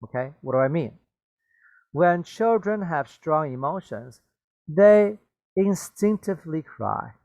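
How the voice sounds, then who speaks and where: Slow, patient bilingual English teacher, a man. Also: a little high, animated, gravelly, darkish tone, dry recording. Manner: repeats and explains words, switches into Mandarin glosses, frequent "okay?" and "right?". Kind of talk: bilingual vocabulary lesson.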